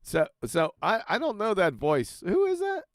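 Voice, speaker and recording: A man's voice: high voice, huge pitch swings, moderate pace, no echo, clean studio sound. A man hosting a casual live online panel, teasing the others and laughing often. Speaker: host.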